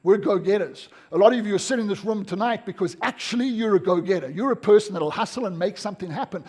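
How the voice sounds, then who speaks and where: A South African man giving an energetic, emphatic seminar talk to a live audience in an event room. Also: high voice, fast, husky. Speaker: motivational speaker.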